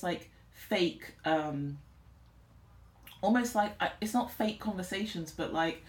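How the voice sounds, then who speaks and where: A woman with a lowish voice delivers a channelled tarot reading in a reverberant space. She's earnest and emotional, on the verge of tears.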